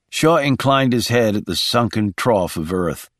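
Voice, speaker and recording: A man narrating an audiobook thriller as scripted, expressive storytelling. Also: fairly low pitch, unhurried, few pauses, no echo, studio quality.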